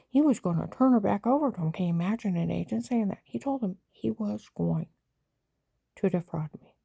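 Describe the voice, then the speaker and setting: A woman's voice: lowish voice, creaky, dark tone, slightly rough, no echo. A woman giving an agitated, rambling personal account and acting out what other people said. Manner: agitated, rambling retelling that acts out others' lines.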